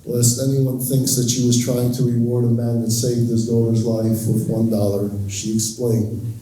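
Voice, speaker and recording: A man with a warm, mellow voice tells a gripping story to an audience, slowing and pausing to let key moments land. He sounds set back from the microphone in a large hall, with heavy reverb trailing every phrase. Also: medium pitch, level tone, slight background noise. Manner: measured, with pauses and slowed phrases for emphasis. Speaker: event speaker. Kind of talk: dramatic first-person storytelling. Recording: very echoey hall, distant mic.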